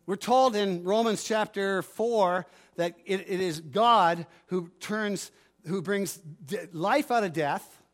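High-voiced man preaching a fervent sermon. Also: slow pace. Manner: preaching with rising fervor, commanding declarations; asks the congregation for responses. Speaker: pastor.

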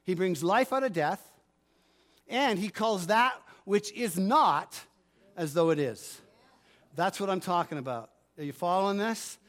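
A male pastor preaching a sermon, moving between forceful commands and quieter asides, and often asking the congregation if they follow. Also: high-pitched, expressive, measured pace. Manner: preaching with rising fervor, commanding declarations; asks the congregation for responses.

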